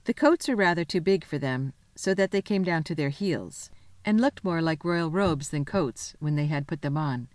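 A woman reading a children's novel aloud in a lively, expressive storytelling manner. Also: low voice, moderate pace, dry recording. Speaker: reader.

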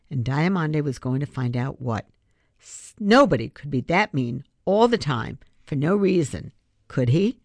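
A woman reads a children's chapter book aloud in a low voice. Her delivery is expressive, with lively rises and falls of pitch. The recording is dry and close. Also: gravelly, dry recording. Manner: expressive, storytelling. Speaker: reader.

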